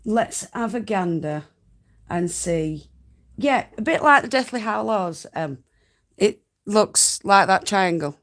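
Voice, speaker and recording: A woman's voice: mid-range voice, expressive, takes it slowly, fairly bright tone. A woman from North Yorkshire with a Yorkshire accent, giving homely, chatty spinning tips as host of a live stream and laughing often. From North Yorkshire, England. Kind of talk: casual live-stream tutorial chat.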